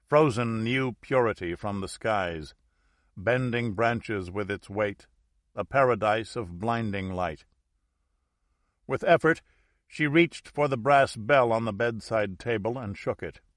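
A man narrating an audiobook in a measured, deliberate storytelling manner. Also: fairly low pitch, fairly bright tone, no room sound, clean studio sound.

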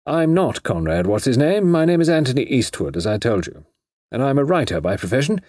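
A man voicing a breezy, unflappable young gentleman writer who speaks pleasantly and matter-of-factly, with a husky voice. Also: mid-range voice, big pitch swings, fairly quick, no room sound, clean studio sound, voice pushed up. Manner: pleasant, jaunty and matter-of-fact.

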